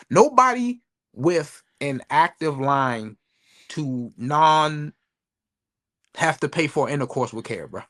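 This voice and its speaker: A man co-hosting a podcast, telling stories in a laid-back, slangy, quiet way. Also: medium pitch, expressive, a little slow. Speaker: podcast co-host. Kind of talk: casual podcast banter.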